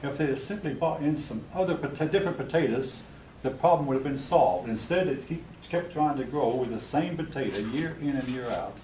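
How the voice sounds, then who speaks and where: A man's voice: mid-range voice, a little hiss or hum. An older man teaching a history class, lecturing plainly with blunt, opinionated asides to his students. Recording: roomy classroom recorded from a distance.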